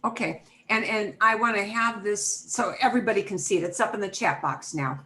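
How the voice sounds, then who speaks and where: A woman's voice: medium pitch, brisk, sharp tone, low-quality recording. A middle-aged woman teaching an online Spanish class, explaining grammar patiently step by step with everyday examples over a video call.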